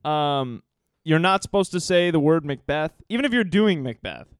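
A man's voice: fairly high pitch, animated, moderate pace, clean tone, no echo, studio quality. A man co-hosting a podcast, retelling a play in a loose, swearing, laughing way with plenty of ums. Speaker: podcast co-host telling the story. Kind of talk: casual chat.

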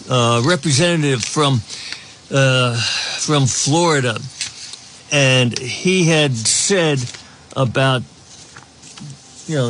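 A man's voice: medium pitch, fairly bright tone, a little hiss or hum. Rambling, chuckling male talk radio host. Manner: rambling, chuckles often, many restarts and fillers. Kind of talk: opinionated call-free radio monologue.

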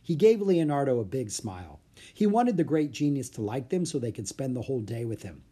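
Expressive, husky storybook narrator. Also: medium pitch, fairly quick. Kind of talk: scripted storybook reading.

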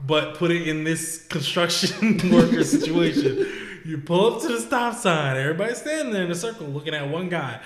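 A man's voice: on the high side, moderate pace, hardly any pauses, echoey room. A man co-hosting a podcast, telling joke scenarios in casual, profane slang and laughing as he goes. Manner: storytelling with animated bits and laughter. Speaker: podcast co-host. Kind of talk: casual chat.

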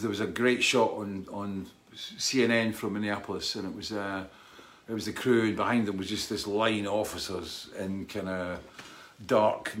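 A middle-aged man from Britain hosts a casual live stream. He rambles and restarts his sentences, greeting viewers warmly by name. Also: fairly low pitch. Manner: rambling, friendly, reads out viewer names. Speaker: livestream host.

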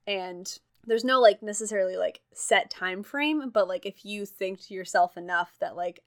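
A woman's voice: fairly low pitch, fairly even intonation, moderate pace, few pauses. A young woman in casual conversation, talking freely with many fillers and easy laughs. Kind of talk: casual chat.

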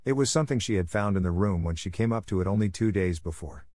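A man reading a classic storybook aloud in a calm, measured manner. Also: low voice, dry recording. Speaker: narrator. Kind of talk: storybook narration.

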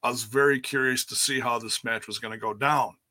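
A man's voice: medium pitch, steady tone, fairly quick, pushed and bright, no room sound. A man giving a candid, rambling recap of a wrestling event in casual chat, speaking casually and swearing now and then. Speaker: wrestling commentator.

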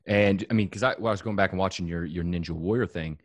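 Very deep-voiced casual podcast host, a man. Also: fast, no room sound. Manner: casual, fillers like dude and right, restarts. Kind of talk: casual chat.

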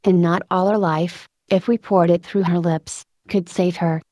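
A woman voicing a sorrowful, seductive woodland woman who pleads softly and urgently. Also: fairly low pitch, fairly even intonation, unhurried, no echo, clean studio sound.

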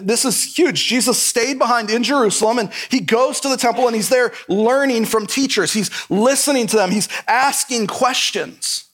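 A man's voice: high-pitched, a bit bright. A male pastor preaching a sermon in an earnest, emphatic way, repeating his key points.

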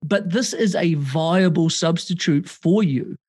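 A man chatting casually as a podcast guest over a remote call, animated and swearing freely, acting out quoted voices. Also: a little high, unhurried, husky.

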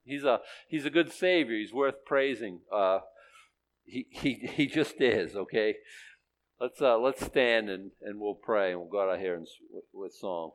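A man's voice: lowish voice, a little slow. A man preaching a sermon as pastor, conversational and plain-spoken, rising to emphatic peaks.

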